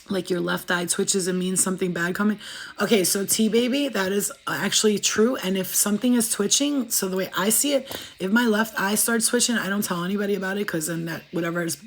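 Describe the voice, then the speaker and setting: A woman chatting casually to livestream viewers as a spiritual reader, fast-talking, profane and emphatic. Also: medium pitch.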